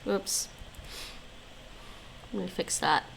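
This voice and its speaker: A woman live-streaming in a casual, chatty way, thinking aloud and reading passages aloud while her voice is going hoarse. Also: lowish voice, fairly even intonation, very slow, a bit bright, a little hiss or hum, low-quality recording. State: losing her voice, coughing.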